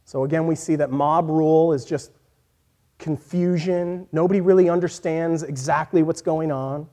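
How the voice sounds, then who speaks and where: A man preaching a sermon in an earnest voice that moves from quiet, reflective passages to emphatic points. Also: fairly high pitch, steady tone, normal speed. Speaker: pastor.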